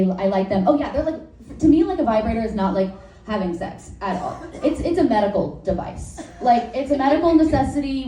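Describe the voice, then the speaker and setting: A woman's voice: on the high side, warm tone. Rambling woman comic, distant roomy recording. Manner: rambling, self-interrupting, laughs at own jokes; frank, crude, filler-heavy. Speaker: stand-up comedian. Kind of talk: stand-up set, work in progress. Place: live comedy venue with audience. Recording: roomy, distant live recording with faint noise.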